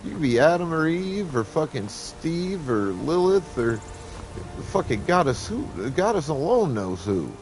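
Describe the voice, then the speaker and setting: A man's voice: unhurried, faint music behind. Man ranting on a live stream. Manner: heated, swearing constantly, animated swings in pitch. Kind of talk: profane live-stream rant.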